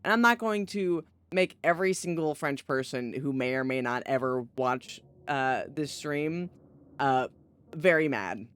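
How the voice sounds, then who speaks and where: A man's voice: medium pitch, animated, measured pace, fairly bright tone, clean tone, no echo. Chatty, profane young man streaming. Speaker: gaming streamer. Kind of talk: casual let's-play commentary.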